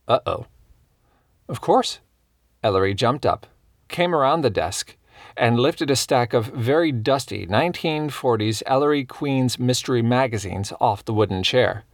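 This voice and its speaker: A man narrating a cozy mystery audiobook in a measured, even manner. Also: lowish voice, gravelly, no echo, studio quality.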